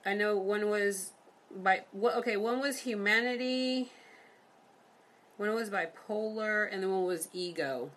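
A woman's voice: mid-range voice, a bit bright. Chatty woman hosting a poetry call. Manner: chatty, full of fillers, reads rhymes briskly. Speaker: host of a poetry session. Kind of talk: casual chat and poetry reading.

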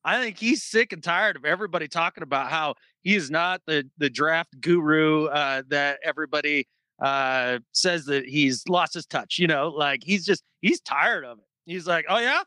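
A man hosting a casual sports talk show, animated and acting out quotes in mock voices. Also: a little high, normal speed, dry recording. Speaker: sports podcast host.

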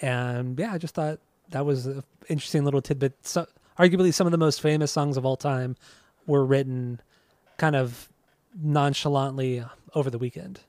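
A podcast host chats casually in a rambling, hesitant way, full of restarts. His mid-range voice has fairly even intonation, a moderate pace and a slightly mellow quality, with no room sound.

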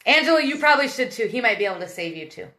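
A woman's voice: fairly high pitch, lively intonation, very fast, sharp tone, reverberant. A woman from Western Pennsylvania hosting a podcast stream, chatting casually, laughing often and greeting viewers by name. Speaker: podcast host. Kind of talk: casual live-stream chat reading comments.

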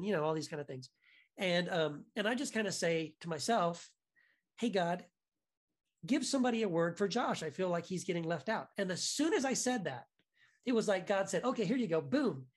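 A man guest on a podcast, telling a story in a casual, animated way, full of restarts and "right?" asides. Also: sits high. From United States.

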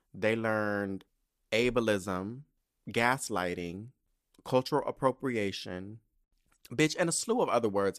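Sassy, profane man ranting on a podcast. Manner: sassy, profane, animated swings in pitch and loudness. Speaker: podcast host. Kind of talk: casual solo podcast rant.

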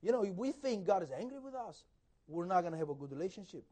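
A man preaching a conversational sermon as a pastor, swinging between loud emphasis and soft asides, sometimes acting out dialogue. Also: high-pitched, sing-song, quick pace. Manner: acts out quoted dialogue.

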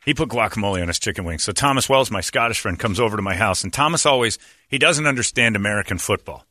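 Man, radio host, casual storytelling, bright tone, lively pitch. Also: fast, no echo, studio quality. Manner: animated, laughing. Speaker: radio morning show host.

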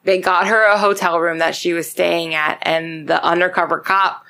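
A woman's voice: on the low side, normal speed. Profane woman telling a crime story. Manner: profane, animated retelling with acted quotes. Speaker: podcast host. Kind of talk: casual true-crime storytelling.

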